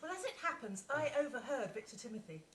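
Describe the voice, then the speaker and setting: A woman's voice: sits high, very animated, quick pace, over a noisy crowd. A woman acting a prim female murder witness in a live stage comedy sketch. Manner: prim, then melodramatic dying cries.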